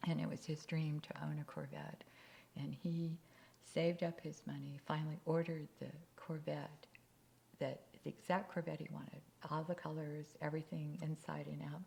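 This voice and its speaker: A woman tells a story as part of a sermon in a low, conversational voice with a gravelly edge. She often sinks to a near-whisper for emphasis. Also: flat delivery, moderate pace, dark tone.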